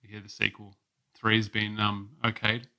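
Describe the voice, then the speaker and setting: A man's voice: on the low side, completely flat delivery, moderate pace. A man co-hosting a casual film review podcast, joking sarcastically with crude humor. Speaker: podcast co-host. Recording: quiet, softly recorded audio.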